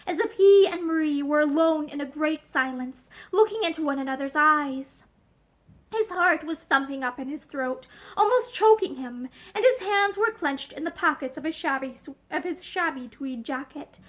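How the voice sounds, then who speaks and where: A woman reads a novel aloud in a steady, expressive voice, indoors in a room with bookshelves. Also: sits high, normal speed. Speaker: narrator.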